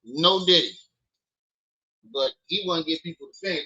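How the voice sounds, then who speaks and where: Male streamer on daddy duty, bright ringing tone, a bit high, dull lo-fi stream audio. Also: moderate pace. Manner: loud playful teasing with his kids, then relaxed talk. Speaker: live stream host. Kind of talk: casual live stream chat. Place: at home with children.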